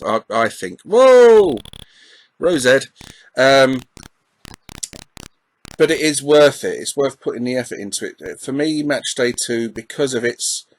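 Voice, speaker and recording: A man's voice: medium pitch, poor audio. A middle-aged man with an Essex accent giving chatty, self-deprecating commentary over gameplay, with plenty of ums and uhs. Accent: English, Essex. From England. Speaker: retro gaming YouTuber.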